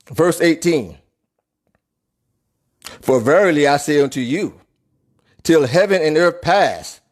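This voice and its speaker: In New York City, a male Bible teacher gives a lesson in a forceful preaching style. His voice is slightly high for a man, and he reads verses again slowly and repeats points for emphasis.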